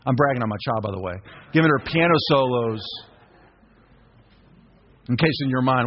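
A man's voice: mid-range voice, big pitch swings, normal speed, pauses often. A middle-aged male pastor preaching a sermon, urging the congregation to repeat phrases back to him. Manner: exhorting, call-and-response with congregation. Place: church sanctuary. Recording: dull reverberant church recording.

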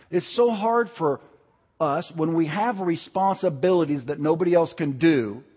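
A man preaching a sermon in a lively, conversational way, swinging between loud and soft delivery. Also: on the high side, breathy edge. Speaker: pastor. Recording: dull sound with long hall reverb.

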